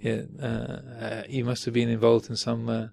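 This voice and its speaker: A man voicing the Buddha as a calm male teacher, speaking slowly and patiently with questions. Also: medium pitch, creaky, slight background noise. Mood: gentle.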